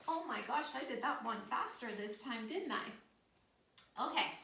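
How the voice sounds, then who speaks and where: A woman's voice: on the high side, lively intonation, a little slow, vocal fry, sharp tone, a little hiss or hum. A woman with an American accent leading a children's storytime yoga class, upbeat and encouraging with playful animal noises. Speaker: kids yoga teacher. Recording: echoey room, far from mic.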